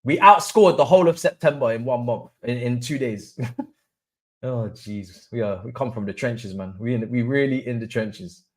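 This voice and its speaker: Excitable young man streaming football. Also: mid-range voice, normal speed. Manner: excitable, swings from murmurs to hype chants. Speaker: livestream host. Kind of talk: live football watch-along chat.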